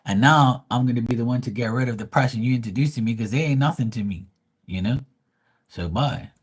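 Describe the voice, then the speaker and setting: A tarot reader telling a story on his live stream in a blunt, profane, animated way. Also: mid-range voice, fairly quick, breathy edge.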